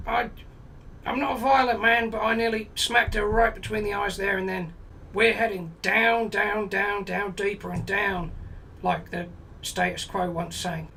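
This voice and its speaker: Man in his forties, high gravelly voice, blunt exasperated storyteller, recorded from a distance with faint hiss. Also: sharp tone. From England. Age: 40s. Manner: blunt, sweary, exasperated anecdote with quoted dialogue. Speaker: comedy storyteller. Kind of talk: comic storytelling monologue.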